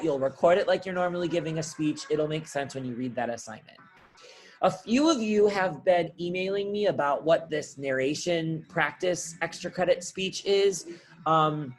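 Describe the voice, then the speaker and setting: A young man, a college speech instructor, talking through a class assignment in a relaxed, chatty way and often checking in with "right?". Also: fairly high pitch. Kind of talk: recorded course walkthrough.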